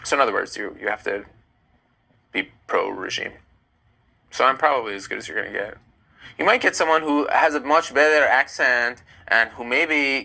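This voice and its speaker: A young American man hosts a casual livestream, reading viewer comments aloud and answering them in an animated, argumentative way. His mid-range voice is gravelly and a little fast, and the audio quality is poor.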